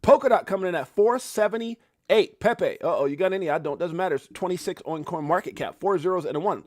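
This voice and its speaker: Joking animated man hosting a crypto stream. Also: high voice, a little fast, dry recording, studio quality. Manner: joking, animated, swears casually, shouts out viewers. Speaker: crypto livestream host. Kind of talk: casual live market rundown.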